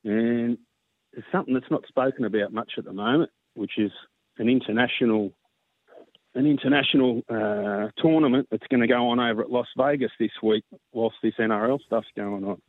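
An Australian man calling in to a radio show, chatting casually and warmly, sometimes getting emotional. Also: medium pitch, a little fast, no echo. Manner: heartfelt, gets emotional. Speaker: caller. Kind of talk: casual phone-in chat. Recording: tinny phone line.

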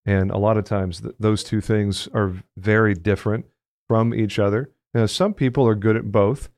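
A man's voice: on the low side, fairly even intonation, normal speed, a little mellow. A man from Texas who hosts a podcast and talks in a chatty, joking, friendly way. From Texas, United States. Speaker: podcast host. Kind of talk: casual interview chat.

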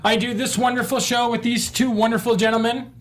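A man's voice: very high voice, flat delivery, brisk. A man co-hosting a casual movie chat, playful and joking. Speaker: co-host.

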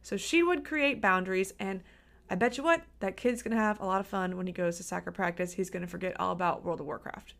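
An upbeat woman hosts her own podcast, chatting directly to listeners like a coach. Her voice sits in a mid pitch, and she sounds friendly and encouraging. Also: fast, vocal fry, a bit bright. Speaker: podcast host and dietitian. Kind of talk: solo podcast talk.

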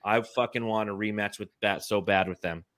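A man in his thirties co-hosting a casual sports talk show, animated and swearing now and then. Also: fairly low pitch, brisk. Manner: animated, swears, reads chat comments. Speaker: podcast co-host.

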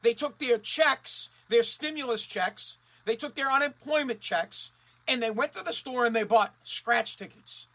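A man from Massachusetts in a profane, heated rant who swears constantly, repeats himself and rises to shouting. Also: very high-pitched, measured pace. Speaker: ranting commentator.

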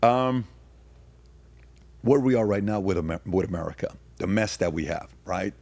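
A man talking as a podcast guest, telling personal stories and then arguing his point emphatically with rapid rhetorical questions. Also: low voice, a little mellow, no room sound. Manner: frequent fillers and restarts. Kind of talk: casual conversation, storytelling.

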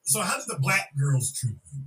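A man's voice: on the high side, big pitch swings, normal speed, bright, forceful tone, far from the mic, poor audio. A man hosting a podcast, giving blunt, slangy commentary on clips and repeating his points. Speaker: podcast host.

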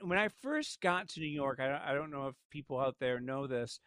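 A man hosting a casual interview chat, animated and laughing often. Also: medium pitch, normal speed, no room sound. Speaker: host.

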